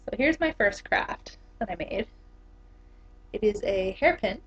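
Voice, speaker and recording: A woman's voice: medium pitch, expressive, a little slow, a bit bright, husky. A young woman in her twenties, an English teacher, chatting casually to the camera with lots of fillers and laughs. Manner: chatty, giggly, many fillers. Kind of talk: casual vlog talk. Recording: dull lo-fi camera audio.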